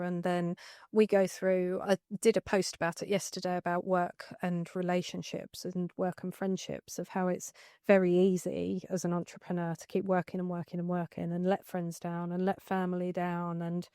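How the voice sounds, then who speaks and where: A woman's voice: on the low side, monotone, moderate pace, dark tone, clean tone, dry recording, clean studio sound. A woman hosting a business podcast, asking chatty, rambling questions with restarts and personal asides. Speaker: podcast host. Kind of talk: conversational interview.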